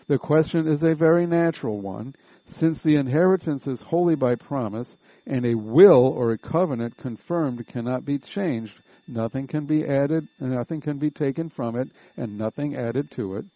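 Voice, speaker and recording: Male Bible study teacher, mellow timbre, methodical reader who rephrases as he explains; dull, dry lo-fi recording. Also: medium pitch, no echo. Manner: methodical, rereads and rephrases passages. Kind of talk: Bible study lesson, reading and explaining a text.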